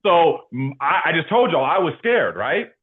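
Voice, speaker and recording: A man talking casually as an interview guest about his work, animated and slangy, with lots of fillers. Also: a little high, moderate pace, breathy edge. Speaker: insurance agency leader and guest. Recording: tinny phone-like line.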